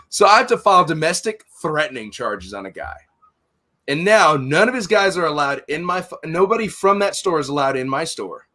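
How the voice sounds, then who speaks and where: A man's voice: a little high, big pitch swings, a little fast, bright, forceful tone. Blunt, foul-mouthed middle-aged man. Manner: blunt, heated, swears constantly, acts out both sides of arguments. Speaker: podcast host, store owner. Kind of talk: casual profane storytelling.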